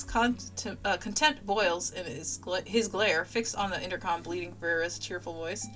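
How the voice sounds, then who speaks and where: A woman streamer narrating a game and reacting in a loud, playful way. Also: medium pitch, normal speed, few pauses, faint music behind, rough recording.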